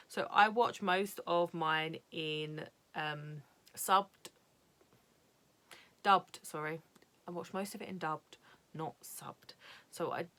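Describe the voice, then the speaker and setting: This is a young woman with a British accent, speaking in a slightly lower register than most women. She chats freely and candidly about her anime collection, rambling along with frequent fillers and the occasional cheerful swear word. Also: a bit bright. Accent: British English. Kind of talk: casual chat.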